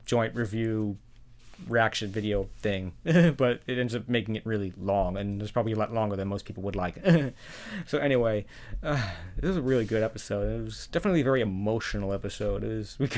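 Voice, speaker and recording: Rambling New man reviewing casually. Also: mid-range voice. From New York. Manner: rambling, repeats himself, chuckles often. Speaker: reaction video host.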